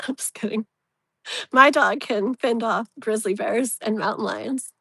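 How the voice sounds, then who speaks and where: A woman giving a tarot reading on a live stream, her voice sitting a bit high for a woman. She rambles in a loose, chatty way, full of "like" and "you know", and soothes the viewer with pet names. The sound is close and dry, with no room echo. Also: a little slow, vocal fry, sharp tone, slightly rough. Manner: affectionate, soothing tone toward the viewer.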